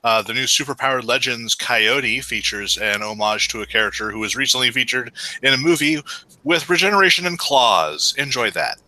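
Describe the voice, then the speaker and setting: A man who is a guest on a podcast, chatting casually and halting, with stumbling restarts. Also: mid-range voice, expressive, pushed and bright, dry recording. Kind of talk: casual chat.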